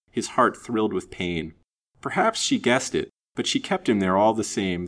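A man with a low voice reads an old-fashioned novel aloud, steady and measured. He gives the prose an expressive lift as the story builds. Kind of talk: storybook narration.

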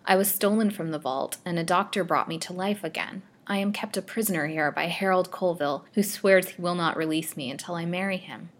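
A woman's voice: on the low side, a little fast, hardly any pauses, close to an everyday voice. A woman voicing a frail, timid young woman held captive in a storybook reading, speaking in an imploring way. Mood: pleading.

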